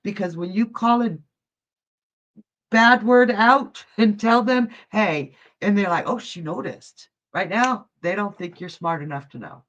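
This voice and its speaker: A woman's voice: mid-range voice, measured pace, fairly bright tone. A woman hosting a live psychic reading stream, talking in a chatty, folksy way and calling viewers honey and love. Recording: dull lo-fi stream audio.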